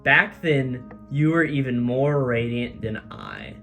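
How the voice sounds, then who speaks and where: A man's voice: wildly swooping pitch, slow, gravelly, soft background music, exaggerated voice. A man reading as a brooding teenage avenger. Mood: tender. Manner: low, quiet reading of quoted lines. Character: brooding teenage boy bent on revenge, gentle to his sister.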